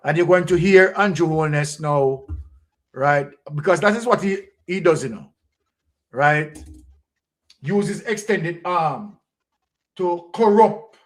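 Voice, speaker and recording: A man with a Jamaican accent, hosting the show, reading news documents aloud with scornful, animated asides. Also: fairly high pitch, takes it slowly, long pauses, echoey room, recorded from a distance, low-quality recording. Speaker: host.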